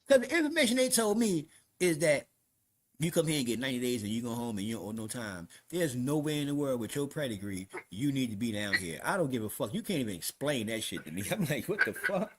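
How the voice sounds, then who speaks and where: A man's voice: a little high, background noise. A man with a New York accent, hosting a podcast, telling a story in casual street slang with lots of swearing and acted-out quotes. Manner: animated, profane, street slang, acts out quotes. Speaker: podcast host.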